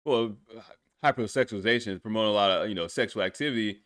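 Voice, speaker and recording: A man's voice: on the low side, fast talker, fairly bright tone, dry recording, clean studio sound. A man hosting a podcast, reacting to a music video in casual, blunt, profane talk, often breaking into incredulous laughter. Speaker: podcast host.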